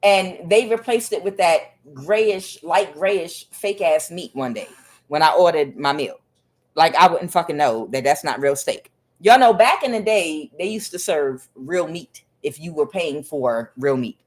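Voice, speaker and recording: Lively, profane woman tarot reader. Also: sits low, measured pace. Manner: animated, profane, chatty with frequent fillers; addresses listener as honey, child, baby. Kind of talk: casual spoken tarot reading.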